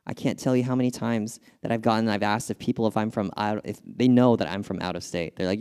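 Easygoing young pastor with a smooth, low voice. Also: male voice, fast, hardly any pauses. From California. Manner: conversational preaching with storytelling; animated, laughs at his own stories. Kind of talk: sermon.

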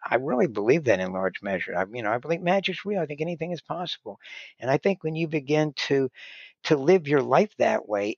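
With a medium-pitched voice, this male guest rambles through conversational stories, filling them with "you know" and frequently starting sentences over. The sound is dry and lo-fi with a dull quality and no room sound.

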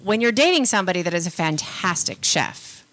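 A woman's voice: lowish voice, very animated, brisk, fairly bright tone. A woman co-hosting a radio talk show, chatty and upbeat in casual banter. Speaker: co-host.

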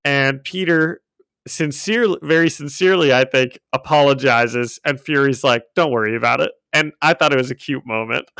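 Chatty man with a smooth, dry voice. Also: medium pitch, normal speed, sharp tone, dry recording. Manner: chatty, laughs often, acts out quotes. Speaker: podcast co-host recapping comics. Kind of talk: casual chat. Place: home room with a cat. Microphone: own desk microphone.

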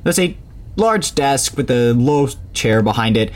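A man narrating a tabletop game as game master, telling the scene with sudden leaps in pitch. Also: expressive, measured pace.

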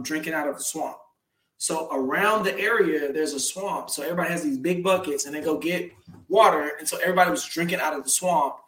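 A man's voice: a little high, a bit bright. A man who is a faith-based life coach, speaking as a guest in an emphatic, preachy storytelling way. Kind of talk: casual conversational interview. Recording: roomy, slightly distant sound.

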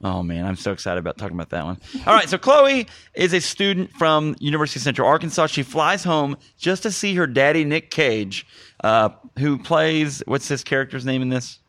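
A man's voice: fairly high pitch, a little fast, no room sound. A young man hosting a casual movie-review podcast, joking and laughing at his own lines. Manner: jokey, animated, laughs at his own jokes. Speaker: podcast host.

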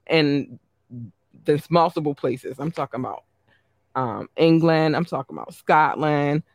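A man hosting his podcast, reading out listener shout-outs in a chatty, upbeat way. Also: on the high side, a little slow, vocal fry, dry recording, clean studio sound. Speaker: podcast host.

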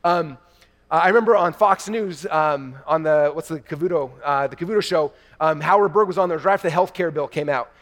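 A man in his thirties giving an energetic keynote to a large live audience, telling stories excitedly and talking to the crowd as "you guys". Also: a little high, a little fast, big-room sound. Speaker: keynote speaker. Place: large event hall before a live audience.

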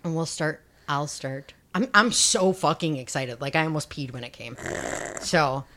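A woman's voice: low-pitched, lively intonation, normal speed, a bit bright. A woman co-hosting a podcast in casual chat, talking freely, laughing often and swearing. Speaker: podcast co-host.

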